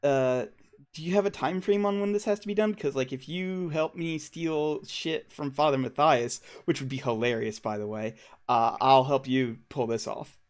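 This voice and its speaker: A man's voice: mid-range voice, normal speed. A man playing a tabletop game, talking hesitantly with lots of fillers and laughing easily. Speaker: player. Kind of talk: casual tabletop chat.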